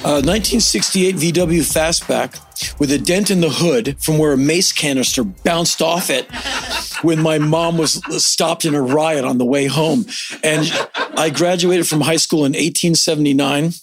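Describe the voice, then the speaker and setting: A man's voice: on the high side, normal speed, a crowd in the background. A man telling a casual story in a dry, wry way. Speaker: guest.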